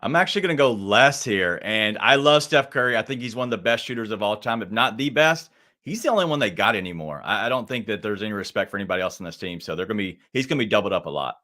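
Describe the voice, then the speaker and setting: Bright-toned male sports panelist. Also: lowish voice, animated, fast talker. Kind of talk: sports betting show chat.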